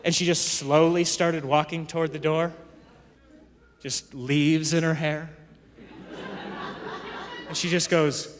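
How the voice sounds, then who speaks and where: A male stand-up comedian telling stories to a live crowd, with quick asides to the audience, on a handheld stage mic. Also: a little high, little pitch movement. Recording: live stage mic with long hall reverb and crowd laughter.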